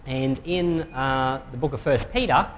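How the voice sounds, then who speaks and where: Man preaching in an echoey hall. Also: medium pitch. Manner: relaxed, conversational preaching with many pauses and fillers. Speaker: pastor. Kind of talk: sermon. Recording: reverberant hall with faint noise.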